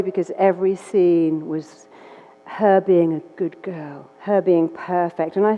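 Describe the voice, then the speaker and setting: A woman hypnotherapist telling a client story in an animated way, acting out both sides of the dialogue. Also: mid-range voice. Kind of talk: storytelling talk. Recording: dull audio in a reverberant hall.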